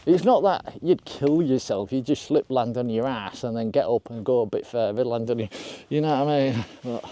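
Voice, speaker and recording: A man's voice: mid-range voice, normal speed, dark tone, no echo. An older man vlogging while out hiking on open moorland, chatting away to his viewers in a rambling, self-deprecating way. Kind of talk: casual walk-and-talk vlog. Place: outdoors on open moorland, windy hilltop.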